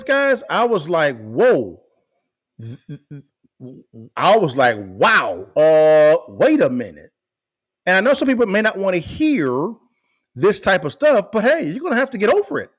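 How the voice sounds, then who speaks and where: A man hosting a podcast, giving animated commentary to viewers and repeating phrases for emphasis. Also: high voice, breathy edge. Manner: emphatic, repeats phrases, rises to near shouting. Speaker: podcast host.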